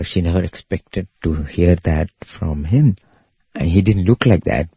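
A man with a dark, low voice and a husky, gravelly grain tells a devotional story in earnest. The recording is dull, lo-fi and dry, with no room sound. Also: no echo. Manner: earnest, rises in pitch when quoting others.

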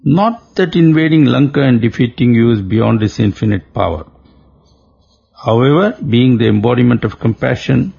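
A man reading the lines of a defiant, virtuous captive princess in a slow, stern and measured way, heard on a dull lo-fi recording. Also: medium pitch, gravelly, warm tone, husky, full character voice.

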